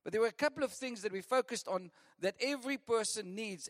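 A man preaching a lively sermon, often laughing and repeating lists for emphasis. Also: high voice, brisk, few pauses. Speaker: pastor. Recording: long reverb of a church hall.

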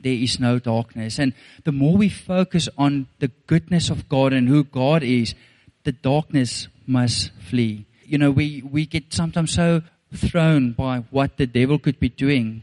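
South african pastor guy, middle-aged, earnest rambly sermon storytelling, mid pitch. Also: darkish tone. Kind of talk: sermon with personal testimony.

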